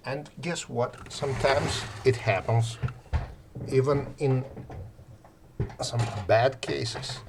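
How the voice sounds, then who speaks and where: A man with talks in a slow, drawn-out way, pausing on fillers. His fairly low voice swings widely in pitch and loudness. A faint background noise sits under the recording. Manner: slow, rambling, many fillers, swings between loud and quiet. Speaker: channel host. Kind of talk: casual talk on relaxation and rapport.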